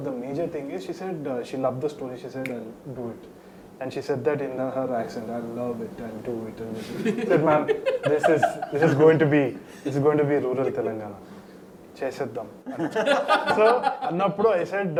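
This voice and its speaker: A film director talking in an interview, telling an animated story and laughing often. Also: male voice, mid-range voice, rough recording. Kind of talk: casual interview answer.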